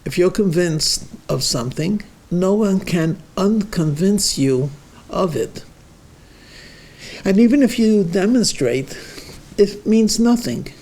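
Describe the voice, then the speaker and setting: Slow gravelly rabbi telling a joke. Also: male voice, a little high, darkish tone. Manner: slow, deliberate storytelling, acting out dialogue. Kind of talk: joke-telling in a weekly lecture.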